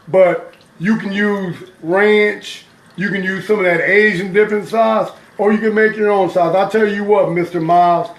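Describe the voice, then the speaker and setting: A man with a drawl talks to his viewers in an upbeat, chatty way while cooking live, his voice sitting fairly high. The kitchen sounds hard and echoey, with running water behind him. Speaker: home cook hosting a live stream. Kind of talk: casual live cooking chat.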